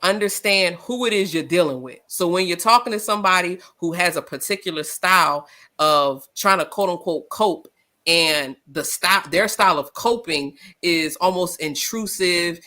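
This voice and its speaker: A woman co-hosting a live discussion show, loud and passionate, telling stories with acted-out quotes. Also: on the low side, moderate pace. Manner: animated, storytelling with acted quotes. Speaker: podcast co-host.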